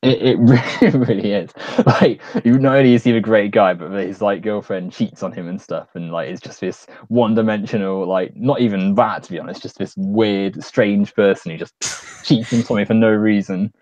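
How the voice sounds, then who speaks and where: A man's voice: lowish voice, moderate pace, a little mellow, no echo, highs cut off. A man hosting a stream, chatting casually and rambling with a lot of fillers while he keeps laughing. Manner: giggly, rambling, lots of fillers. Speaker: stream host. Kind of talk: casual chat.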